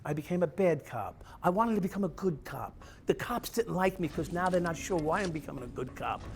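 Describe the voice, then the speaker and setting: A man's voice: fairly high pitch, expressive, brisk, creaky. A middle-aged man, a former police officer telling his own story in a blunt, profane, confessional way. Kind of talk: candid storytelling. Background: music playing.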